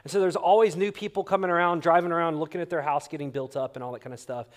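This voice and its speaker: Man, pastor, 30s, sermon, lively storytelling, fairly high voice. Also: very fast. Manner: animated storyteller acting out quotes.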